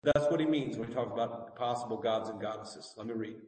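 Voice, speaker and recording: A man preaching a sermon as a pastor, reading scripture with mounting fervor and then teaching slowly and earnestly, often repeating his words. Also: mid-range voice, a little mellow. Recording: echoey hall, distant mic.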